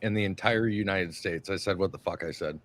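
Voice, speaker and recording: A man's voice: low-pitched, brisk, fairly bright tone. A man co-hosting a podcast who talks bluntly and swears for emphasis. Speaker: podcast co-host. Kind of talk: casual chat.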